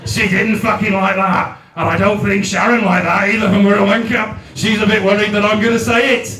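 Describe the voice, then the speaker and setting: A man's voice: sits high, little pitch movement, fairly quick, sharp tone. A man doing a crude, swearing stand-up comedy set at a comedy night. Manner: crude, swearing, mock sing-song baby talk. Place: comedy night in a large venue. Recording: roomy live venue, heard from a distance.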